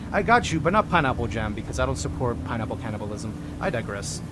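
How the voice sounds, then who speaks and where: A man livestreaming a game, chatting playfully with his viewers and greeting them by name. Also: mid-range voice. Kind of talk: casual gameplay chat with viewers.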